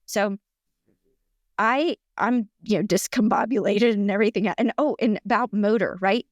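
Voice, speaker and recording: A middle-aged woman, a podcast guest, telling a personal story in a chatty, animated way with lots of fillers and restarts. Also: medium pitch, moderate pace, no room sound, studio quality. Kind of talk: casual storytelling in conversation.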